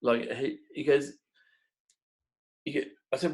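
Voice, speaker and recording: Speaking at a measured pace with long pauses, a middle-aged Australian man with a medium-pitched voice is interviewed as a guest about his make-up effects work. He tells stories casually and animatedly, often restarting and acting out quoted dialogue. The recording quality is low.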